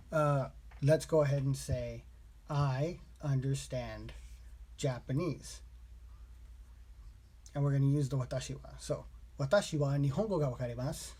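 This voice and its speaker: A man vlogging his language study, slowly repeating practice phrases aloud in a casual way. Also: medium pitch, mellow, slightly rough. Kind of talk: casual self-taught lesson vlog.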